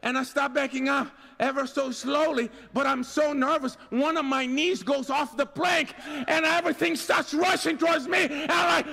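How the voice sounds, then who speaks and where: High, bright-voiced male storyteller. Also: creaky, big-room sound. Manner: animated, bursts into shouts for effect. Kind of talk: live comic storytelling to an audience. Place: festival tent with a live audience.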